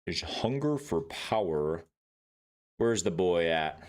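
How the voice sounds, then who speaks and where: A man's voice: deep voice, lively intonation, slow pace, a little mellow. A man casually chatting with viewers during a gameplay livestream, swearing freely, laughing and greeting chat by name.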